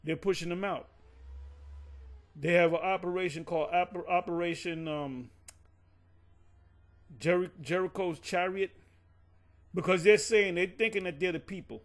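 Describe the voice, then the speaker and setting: Rambling man with a higher voice. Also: steady tone, normal speed, pauses often. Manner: rambling, digressive, self-correcting. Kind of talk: casual Bible teaching discussion.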